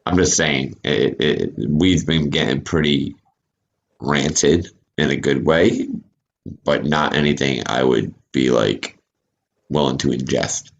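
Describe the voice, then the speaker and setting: A man's voice: rumbling low, slow pace, slight background noise. A man co-hosting a casual online chat show over voice chat, blunt, teasing and profane. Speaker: podcast co-host. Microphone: remote voice chat. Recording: dull lo-fi mic.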